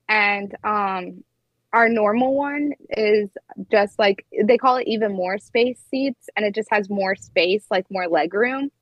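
A young flight attendant in her twenties chats on a podcast, telling casual stories full of "like." She has a mid-range voice, and the recording is dry and muffled.

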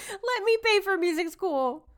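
A woman's voice: very high-pitched, animated, slow pace, pitched above the performer's own voice, full character voice. A woman doing a bubbly spoiled rich girl. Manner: airy, self-absorbed. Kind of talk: casual podcast scene read.

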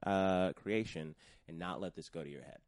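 A man hosting a casual comedic chat show, often pausing with fillers as he talks. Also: low voice, a little mellow. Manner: hesitant, many fillers. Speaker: host.

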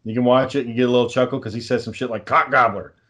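A man co-hosting a podcast, speaking in an ordinary middle-pitched voice. He rambles through explanations with plenty of fillers. He swears freely in easy, casual chat. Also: fairly even intonation, rapid-fire, a bit bright. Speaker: podcast co-host.

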